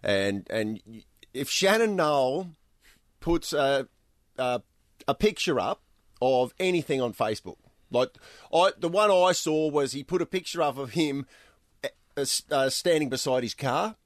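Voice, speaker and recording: A man's voice: mid-range voice, expressive, unhurried, dry recording, studio quality. A man co-hosting a radio show, chatting loosely with laughs and many restarts. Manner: laughing, stumbles and restarts, mimics comment voices. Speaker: radio co-host. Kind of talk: casual banter.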